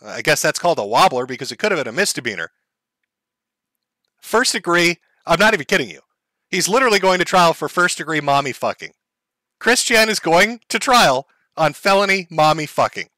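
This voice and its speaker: A man's voice: fairly high pitch, sharp tone, dry recording. A man hosting a livestream, giving crude, sarcastic commentary and laughing often. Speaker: livestream host.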